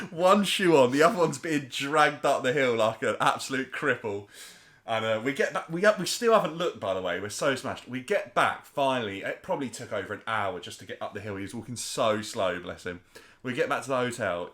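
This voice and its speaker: A man, co-hosting a podcast and telling a story in an animated, chatty way. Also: mid-range voice. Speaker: podcast co-host. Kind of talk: casual storytelling chat.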